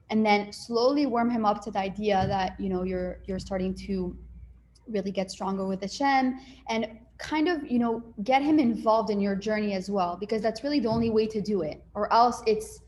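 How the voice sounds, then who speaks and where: A woman's voice: mid-range voice, moderate pace, a little mellow, a little hiss or hum. A woman coaching on relationships in a casual advice talk, chatting freely and acting out little dialogues as she goes. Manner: conversational, acts out little dialogues, many fillers.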